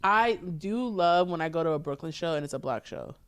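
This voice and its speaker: Animated woman comedian, smooth voice. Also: lowish voice, a little fast, no room sound. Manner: animated storytelling with acted-out quotes. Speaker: stand-up comedian, podcast guest. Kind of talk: casual chat.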